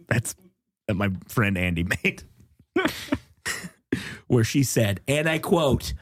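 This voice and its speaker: A man's voice: medium pitch, very animated, slow, pauses often. A man hosting a comedy podcast, chatting in a goofy way and laughing often. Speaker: podcast host. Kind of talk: casual comedy podcast chat.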